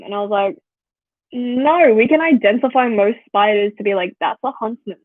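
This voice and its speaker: A woman's voice: a little high, moderate pace, dry recording. Chatty Australian woman, phone-like sound. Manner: chatty, fillers of "like", animated storytelling. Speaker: vlogger. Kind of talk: casual chat to viewers. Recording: tinny phone-like sound, dry.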